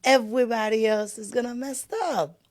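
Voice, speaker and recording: A woman's voice: a little high, steady tone, moderate pace, a crowd in the background. A middle-aged woman from Haiti, hosting a conversational interview, with frequent affirming interjections. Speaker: host.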